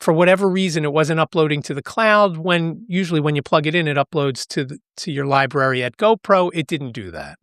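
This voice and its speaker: A man's voice: on the high side, lively intonation, a little fast, hardly any pauses, a bit bright, dry recording, clean studio sound. A man hosting a podcast, recounting his trip in a chatty, rambling way with frequent restarts and light laughs. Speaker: podcast host. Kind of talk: casual vlog recap.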